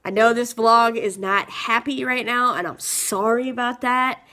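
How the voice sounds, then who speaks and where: Earnest young woman vlogging, bright voice. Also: a little high, measured pace. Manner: earnest, rambling, with fillers and restarts; stressed and frustrated venting. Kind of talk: confessional vlog talk.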